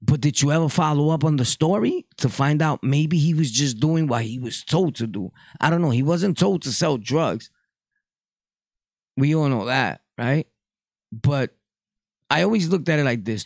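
A man's voice: a little high, expressive, a little slow, gravelly, a little mellow, dry recording, studio quality. A Puerto Rican man hosting a podcast, delivering a blunt, profane casual monologue. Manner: blunt, profane street talk. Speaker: podcast host.

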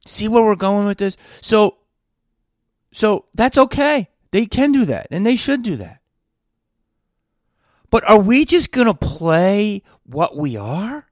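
A man's voice: high-pitched, sing-song, slow, pauses often, dry recording, studio quality. A man hosting his own podcast, ranting with sarcastic rhetorical questions in an indignant monologue. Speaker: podcast host and actor.

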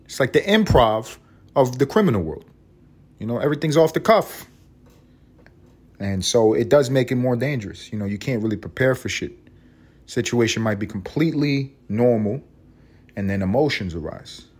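A man's voice: medium pitch, lively intonation, moderate pace, pauses often, a little mellow, breathy edge. A man hosting a podcast, talking in a rambling, profane, wry comedic monologue. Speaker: podcast host.

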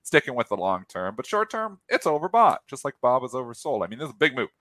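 Animated man in casual trading chat. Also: medium pitch, quick pace, dry recording. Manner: animated, talks in trader jargon. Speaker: co-host of a market show.

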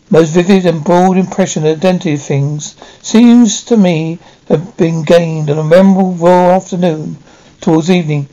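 A man reading a classic novel aloud, halting now and then to restart a word. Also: a little high, dark tone, poor audio. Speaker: audiobook reader.

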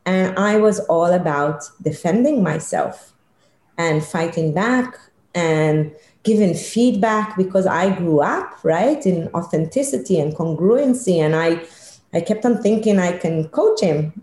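A middle-aged woman tells a story as an interview guest, animated and emphatic. Her voice sits a little low and sounds warm and mellow. The room around her is echoey. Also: a little slow. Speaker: guest, leadership consultant.

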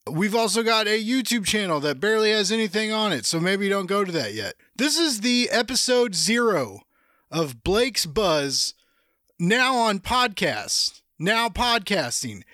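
A man's voice: high-pitched, big pitch swings, moderate pace, fairly bright tone, no room sound, studio quality. A young man hosting his own podcast, chatting casually and rambling through stories and listener questions, swearing freely. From Kansas City area, US. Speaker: podcast host. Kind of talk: casual solo podcast chat.

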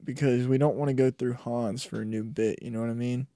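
A man's voice: mid-range voice, fairly even intonation, a little fast, mellow, dry recording. Man, podcast co-host, casual chat, argues his case, dry close sound. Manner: argues and explains his points at length.

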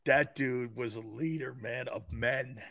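A middle-aged man co-hosting a casual sports talk show, telling stories loudly and with animation. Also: mid-range voice, measured pace, creaky. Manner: loud, animated storytelling. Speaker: co-host.

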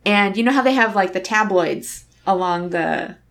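A woman with a mid-range, slightly bright voice speaks at a moderate pace in casual conversation. Telling personal stories, she's candid and reflective, and she voices the dialogue herself.

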